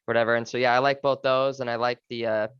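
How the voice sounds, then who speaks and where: A man co-hosts a podcast in an easygoing, relaxed way, pausing on fillers as he talks about books. His voice is smooth and resonant at a middle pitch. The recording is dry but slightly dull and lo-fi. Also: no echo. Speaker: podcast co-host. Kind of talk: casual book chat.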